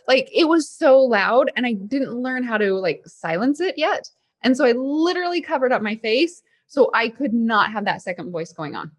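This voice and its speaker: A woman's voice: a little high, animated, normal speed. A woman hosting a podcast, chatting casually and animatedly, laughing often. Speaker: podcast host. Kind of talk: casual conversation.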